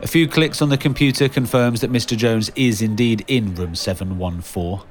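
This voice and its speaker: Low-voiced man narrating a podcast. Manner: measured, scene-setting delivery. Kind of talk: scripted narration.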